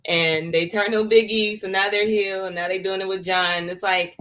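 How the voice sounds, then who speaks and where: Female co-host, mid-pitched voice, hesitant, full of ums. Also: little pitch movement, normal speed, fairly bright tone, slight background noise. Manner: hesitant, thinking aloud with ums. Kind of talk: casual wrestling talk show.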